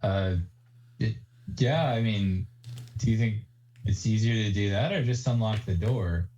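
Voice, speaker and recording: A man talking casually at a tabletop game, his voice low and mellow. The sound is dull and lo-fi, and he fills his talk with hesitations. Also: measured pace, a little hiss or hum. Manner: hesitant, filler-heavy. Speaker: player.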